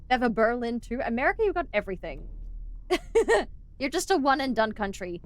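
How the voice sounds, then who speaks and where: A woman's voice: a little high, lively intonation, brisk, a bit bright, clean tone. A young Australian woman streaming a game, chatting playfully with viewers, giggling and sounding out words as she rambles. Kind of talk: casual live-stream chat while gaming.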